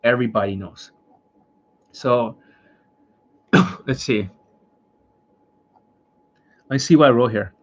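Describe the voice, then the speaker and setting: Guy ranting about his students, swears a lot, keeps repeating himself, kinda husky voice, dull lo-fi sound. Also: mid-range voice, slow pace, pauses often. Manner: blunt, profane, repetitive lecturing. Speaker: dating coach. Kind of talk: casual livestream rant.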